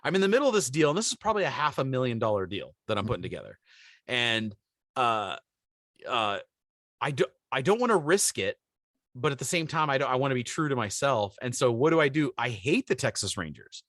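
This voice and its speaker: A man co-hosting a podcast in casual chat, telling a story with lively acted-out quotes. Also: medium pitch, brisk, dry recording, clean studio sound. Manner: animated storyteller, acts out quoted voices. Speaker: podcast co-host.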